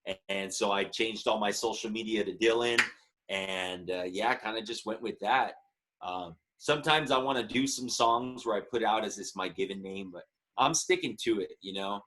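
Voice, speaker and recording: Chatty man in his thirties, low voice. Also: normal speed, pushed and bright. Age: 30s. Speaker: musician guest. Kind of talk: casual interview storytelling.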